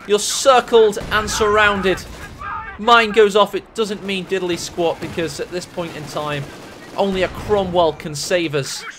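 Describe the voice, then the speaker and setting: A man casting a strategy game match, excitable and jokey, his voice rising to shouts at the big plays. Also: high-pitched, measured pace, noisy background. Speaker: game caster. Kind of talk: energetic esports commentary.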